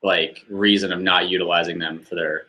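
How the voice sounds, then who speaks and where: A man's voice: low-pitched, flat delivery, moderate pace, bright, forceful tone. A man co-hosting a casual business chat, joking around and reacting with short interjections. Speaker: podcast co-host.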